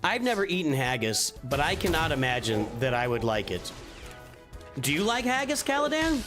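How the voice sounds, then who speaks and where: A man hosts a live stream, chatting loosely and answering viewers as he plays. His voice sits a little on the high side. A clear bed of music runs under his talk. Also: big pitch swings, moderate pace. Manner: rambling, answers viewers' questions, off-hand asides. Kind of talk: casual live-stream chat while gaming.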